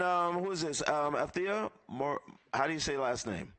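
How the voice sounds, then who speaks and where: A man's voice: on the high side, expressive, moderate pace, fairly bright tone. A man emceeing a live event, thanking sponsors and calling guests up one by one in an upbeat way.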